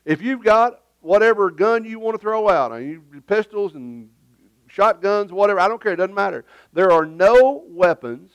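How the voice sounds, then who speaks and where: A man's voice: sits high, expressive, normal speed, clean tone, no room sound. A man preaching a sermon as pastor in a church, emphatic and conversational, with joking asides. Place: church sanctuary.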